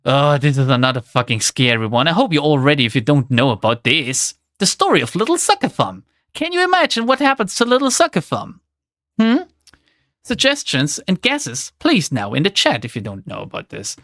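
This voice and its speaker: Young woman streamer reading to chat, swears a lot, super animated voice, dry sound. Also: low-pitched, normal speed, no room sound. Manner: sardonic, swears freely, laughing commentary.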